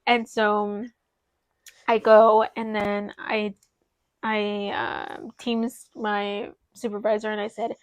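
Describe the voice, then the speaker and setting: A young woman co-hosting a podcast, telling a personal story in an animated way and close to tears. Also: mid-range voice, slow pace, dry recording. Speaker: podcast co-host. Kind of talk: casual chat.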